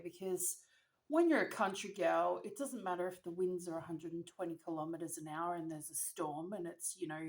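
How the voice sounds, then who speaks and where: A young Australian woman vlogger tells a dramatic, slang-heavy story between mouthfuls in a storytime-while-eating video. Her voice is fairly low and creaky, and the room is echoey.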